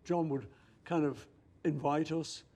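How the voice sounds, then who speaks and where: Older male interview guest, husky and fairly high-pitched, spins anecdotes and acts out quotes. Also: fairly even intonation, slow pace, dark tone. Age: 70s. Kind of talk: reminiscing conversation.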